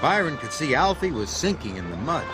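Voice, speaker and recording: A man reads a children's storybook aloud with animated expression. His voice sits fairly high and swings through a very wide pitch range. Music plays behind him throughout. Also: fairly quick. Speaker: narrator. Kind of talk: storybook narration.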